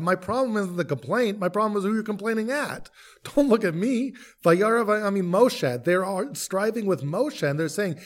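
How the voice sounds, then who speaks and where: Man, rabbi type, higher-pitched, animated teaching voice, podcast study. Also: moderate pace. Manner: animated, questioning, reads verses then explains. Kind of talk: podcast text study discussion.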